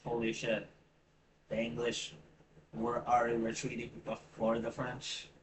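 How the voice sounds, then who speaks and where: A man's voice: mid-range voice, monotone, measured pace. Man reading history aloud, swearing asides. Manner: casual, profane asides, stumbles and rereads words. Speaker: channel host. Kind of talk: reading a history article aloud with casual commentary. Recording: distant mic with clear background noise.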